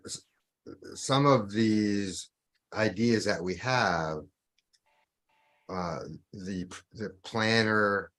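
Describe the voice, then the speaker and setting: A man with a low voice talks slowly and hesitantly, pausing often to find his words. He sounds casual, as if on a video call. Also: fairly bright tone. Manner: slow, hesitant, many fillers and restarts. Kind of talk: casual chat.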